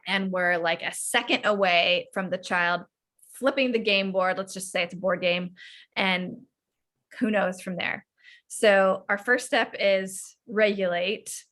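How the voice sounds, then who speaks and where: A woman coach teaching parents over a video call, her voice bright and forward. She talks in an animated way and acts out little exchanges between parent and child. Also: medium pitch, a little slow. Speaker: parenting coach leading a workshop. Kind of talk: online workshop teaching.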